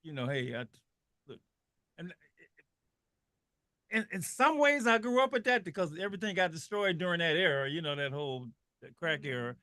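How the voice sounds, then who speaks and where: A man's voice: a little high, big pitch swings, normal speed, pauses often, bright, forceful tone, no room sound, studio quality. A middle-aged man talking with passion on a radio show, often repeating and restarting his words. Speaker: guest. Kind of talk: impassioned radio talk.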